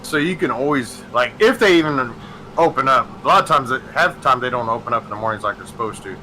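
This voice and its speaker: A man's voice: mid-range voice, quick pace, a little hiss or hum, rough recording. A man hosting a gaming stream, telling stories in a profane, ranting casual chat. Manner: ranting, profane, animated storytelling.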